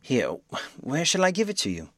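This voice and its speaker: A man puts on a bewildered gentleman pushed to exasperation. He talks in raised, agitated bursts of questions. The voice sits close to the mic in a dry recording. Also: a little high, wildly swooping pitch, moderate pace, no room sound, pitched above the performer's own voice, full character voice. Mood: flustered.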